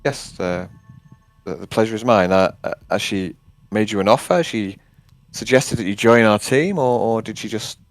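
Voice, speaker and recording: A man's voice: lowish voice, normal speed, no room sound. A man playing a tabletop game in character, speaking politely and hesitantly with many stammers. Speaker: player.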